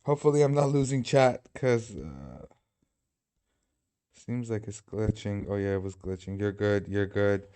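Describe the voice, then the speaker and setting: A man's voice: fairly low pitch, measured pace, dark tone, clean tone. Guy hosting a live stream, laid back, jokes around and swears a lot, sits at his desk mic. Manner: joking, swears freely. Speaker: livestream host. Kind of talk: casual live commentary.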